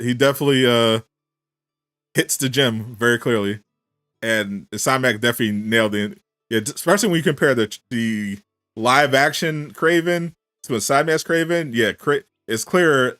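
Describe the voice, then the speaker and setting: Male streamer, casual reaction chat, incredulous and animated, mid-range voice, dry recording. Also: medium pitch, moderate pace, no echo, soft background music. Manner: animated, incredulous rhetorical questions, frequent laughs.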